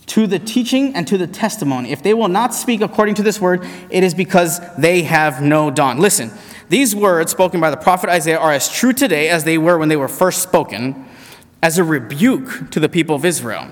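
Male preacher, somewhat high voice, emphatic sermon delivery in a church hall with long reverb. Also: animated. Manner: emphatic, with slowed, repeated key phrases.

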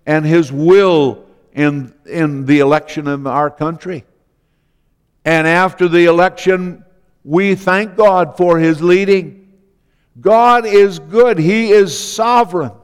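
Slow-preaching man in a reverberant church. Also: high-pitched, clean tone. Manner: slow, deliberate preaching with repeated phrases. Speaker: pastor. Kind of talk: sermon.

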